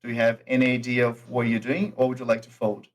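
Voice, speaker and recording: A man's voice: medium pitch, completely flat delivery, low-quality recording. A man narrating as game master of a tabletop game, with lots of uh and um fillers. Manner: slow, unhurried narration with many fillers.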